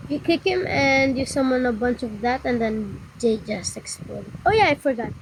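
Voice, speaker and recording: High-voiced woman explaining game moves. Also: expressive, slight background noise, low-quality recording. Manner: rambling, halting, often stops to apologize. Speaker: gameplay tutorial narrator. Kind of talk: casual game commentary.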